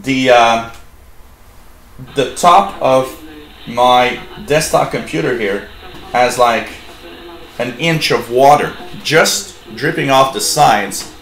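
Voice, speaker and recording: Slow, rambling man in an echoey room. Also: mid-range voice, fairly bright tone. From Canada. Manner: rambling, many fillers and restarts. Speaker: shortwave radio show host. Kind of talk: live-streamed hobby radio talk.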